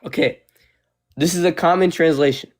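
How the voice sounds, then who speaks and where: A young man calls in to an online debate and argues back in a loose, casual way. He fills his pauses with "uh" and "um," and his voice sits a little on the high side for a man. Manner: casual, says bro, pauses with uh and um. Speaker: caller debating the host. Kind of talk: heated debate.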